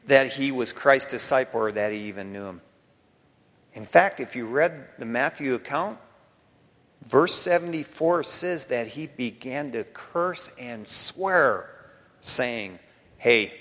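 A man preaches with a fairly high voice, his lines ringing out into the long reverb of a large church hall. His sermon delivery is dramatic, pushing hard on key words and then dropping almost to a whisper, with casual, slangy talk. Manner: dramatic, swinging from loud emphasis to near-whispers.

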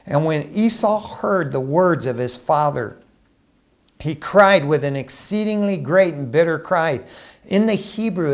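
A man preaching a sermon in an animated, emphatic way, swinging between loud bursts and hushed asides. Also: fairly high pitch, a little slow.

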